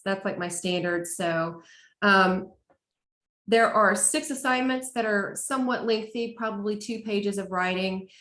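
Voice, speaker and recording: A woman college instructor walking students through her course in a relaxed, chatty way, with fillers. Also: mid-range voice, echoey room. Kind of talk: casual course walkthrough.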